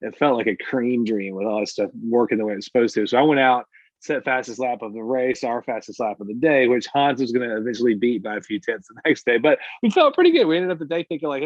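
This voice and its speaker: Animated man telling a race story. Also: medium pitch, fast, dry recording. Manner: animated, mimics other people in quotes. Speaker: podcast co-host. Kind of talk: casual storytelling chat. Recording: dull lo-fi podcast audio.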